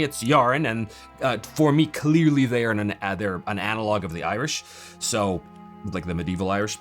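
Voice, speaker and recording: A man hosting a channel, casually walking through a game book with enthusiasm, rambling with many fillers and restarts. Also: fairly low pitch. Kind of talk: casual product walkthrough.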